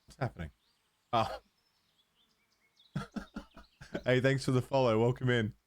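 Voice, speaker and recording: A man's voice: mid-range voice, level tone, unhurried. A man streaming a game live, chatting casually with his viewers and fussing at his cat as he plays. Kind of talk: casual livestream chat.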